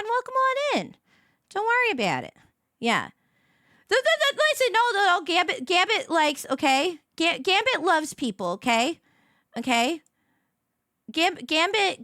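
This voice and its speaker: A woman's voice: high-pitched, pushed and bright, dry recording, studio quality. A woman hosting a casual morning livestream, rambling and giggling as she chats with viewers and her dog. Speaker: livestream host.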